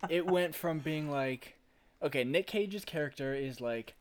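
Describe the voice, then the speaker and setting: A man's voice: a little high, measured pace. A man in casual chat recapping a film, laughing often, swearing freely and acting out lines of dialogue.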